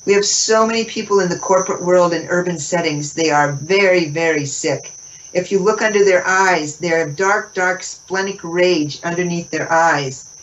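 Woman guest, expressive spiritual teacher, laughs a lot; recorded from afar, muffled. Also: lowish voice, moderate pace. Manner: expressive, laughs often, acts out dialogue. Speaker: interview guest. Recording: distant mic, muffled, faint noise.

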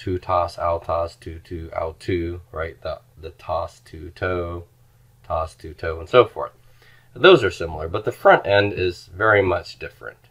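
A man's voice: low-pitched, a bit bright. A man teaching Greek grammar in a recorded lecture, patiently explaining forms and drilling them aloud.

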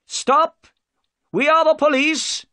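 Man putting on a humble middle-aged police inspector, raised pitch, lively, dry sound. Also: unhurried, dry recording, full character voice. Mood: shouting.

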